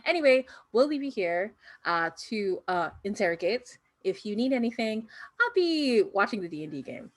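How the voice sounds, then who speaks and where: A woman's voice: medium pitch, sing-song, normal speed, dry recording, pitched above the performer's own voice. A woman voicing a friendly, talkative young clone with pet theories in a tabletop game. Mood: chatty. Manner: eager and talkative.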